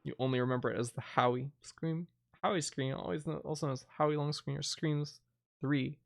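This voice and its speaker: A man's voice: on the high side, fairly even intonation, a little fast, gravelly, no echo, clean studio sound. A man giving casual gameplay commentary, chatty and amused, musing aloud. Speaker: let's play streamer.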